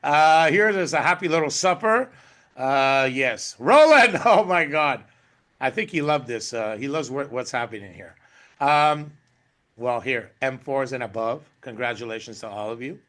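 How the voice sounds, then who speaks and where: A man's voice: medium pitch, lively intonation, moderate pace, a bit bright. A man hosting an online team recap call, effusive and exuberant, often laughing, speaking over a video call. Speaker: host.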